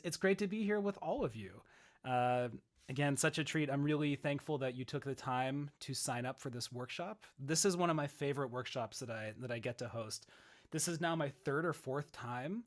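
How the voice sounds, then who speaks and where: Upstate New York man hosting a live webinar, friendly and chatty, heard through a video call. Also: mid-range voice. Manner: friendly, chatty, reads out chat messages. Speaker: workshop host.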